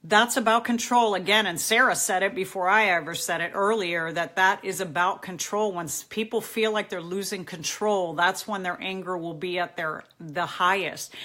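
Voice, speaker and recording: A woman's voice: medium pitch, pushed and bright. A middle-aged woman hosting a live advice stream, reading out viewer questions and answering them candidly and directly.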